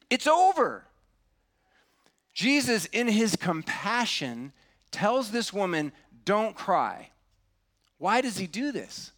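A middle-aged man preaching a sermon in an earnest way, dropping to a hush on key words. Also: sits high. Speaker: pastor.

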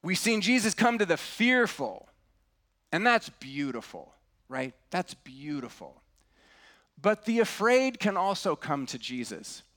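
A middle-aged man preaching a sermon in an earnest way, dropping to a hush on key words. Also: sits high, very animated, measured pace. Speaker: pastor.

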